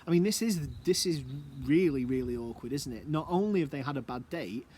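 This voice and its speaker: A man's voice: on the high side, animated, brisk, darkish tone, a little hiss or hum. A man giving a casual recorded English lesson from home, musing aloud and asking rhetorical questions. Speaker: English teacher. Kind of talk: recorded lesson explaining a play.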